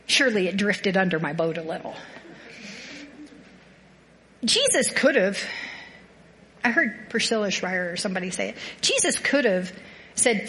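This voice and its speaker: A woman talks through a faith reflection in a casual, rambling way, often poking fun at herself. Her voice sits at a middle pitch, and she gets animated as she tells a story. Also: a little fast. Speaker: small group participant sharing a reflection.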